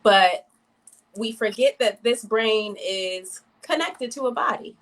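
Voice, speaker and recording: A woman guest on a video call, explaining yoga ideas in a steady conversational way, walking through everyday routines as examples. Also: a little high, takes it slowly. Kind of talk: casual explanation.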